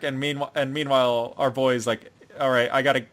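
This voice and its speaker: A man's voice: medium pitch, flat delivery, a little fast, fairly bright tone. Man rambling through a plot recap. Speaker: podcast co-host. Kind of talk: casual chat.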